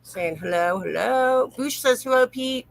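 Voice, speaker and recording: A woman's voice: high-pitched, lively intonation, measured pace, vocal fry, no room sound, rough recording. A woman hosting a casual late-night livestream, reading viewer comments aloud and chatting, laughing easily. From North Carolina, USA. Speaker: livestream host.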